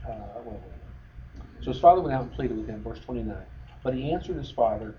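Conversational male pastor preaching, mellow tone. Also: medium pitch, animated, a little fast. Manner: conversational, many fillers and restarts. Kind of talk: sermon. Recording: dull lo-fi sound with faint noise.

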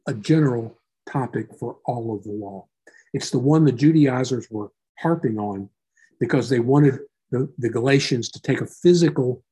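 A man with a husky, mellow voice teaches a small Bible class. He reads scripture aloud and then unpacks it in a relaxed, conversational tone, as if talking with the people in the room. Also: a little high.

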